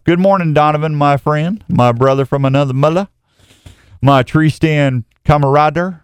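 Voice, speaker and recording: A man's voice: fairly high pitch, normal speed, clear, resonant tone, dry recording, studio quality. A man hosting a casual radio show, joking and rambling.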